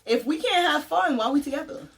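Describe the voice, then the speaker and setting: A woman's voice: high-pitched, lively intonation, brisk, gravelly. A woman hosting a couple chat vlog, sarcastic and teasing, laughing often. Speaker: vlog host.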